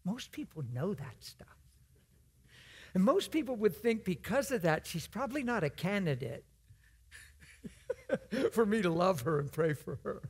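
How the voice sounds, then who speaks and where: A man's voice: high-pitched, sing-song, unhurried, long pauses, husky. A man preaching in a church, telling a story in an earnest, conversational way. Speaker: guest preacher. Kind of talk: storytelling sermon.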